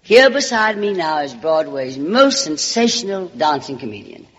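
A woman's voice: deep voice, big pitch swings, normal speed, a bit bright. A woman with a Southern US accent hosting a radio show. She delivers a comic monologue in a theatrical way and calls people darling. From Alabama. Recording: dull old radio broadcast, reverberant.

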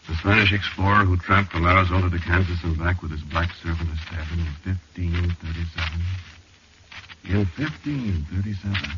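A man's voice: low voice, sharp tone. A man narrating a 1940s radio drama in the first person, telling a frightening dream with tense, dramatic delivery. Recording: hissy, muffled old radio recording.

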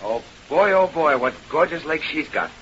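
An actor playing a brash young vaudeville dancer who talks in slangy, ungrammatical street speech, in 1930s radio-drama style. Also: male voice, on the high side, normal speed, lightly acted. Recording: dull, hissy old radio transcription.

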